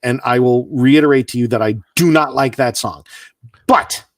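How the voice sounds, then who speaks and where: A man's voice: mid-range voice, moderate pace, no room sound, clean studio sound, distant mic. A man co-hosting a music podcast, arguing his point in a mock-exasperated rant during a casual debate. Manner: mock-exasperated, argumentative ranting. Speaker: podcast co-host.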